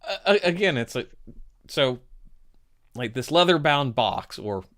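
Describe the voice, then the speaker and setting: A man hosting a casual chat, rambling and halting as he reads through a list of items. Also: mid-range voice, big pitch swings, fairly bright tone.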